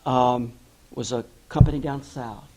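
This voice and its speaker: A man's voice: medium pitch, steady tone, a little slow, a little mellow, poor audio. A middle-aged man, an author, giving a candid, self-deprecating storytelling address and acting out the voices of people he quotes. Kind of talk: personal storytelling speech.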